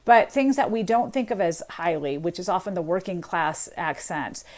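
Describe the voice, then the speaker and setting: A woman's voice: lowish voice, expressive, normal speed. Woman professor explaining on radio. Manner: earnest, explanatory, with frequent restarts. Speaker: linguistics professor, guest. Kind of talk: radio interview.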